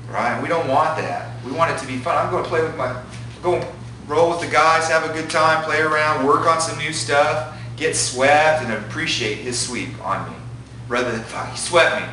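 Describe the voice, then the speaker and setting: Brief: a male jiu-jitsu instructor, excitable and profane, recorded from a distance in an echoey room; bright voice. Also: on the high side, normal speed, slight background noise. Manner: excitable, profane, acts out students' thoughts. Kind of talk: animated talk to a class.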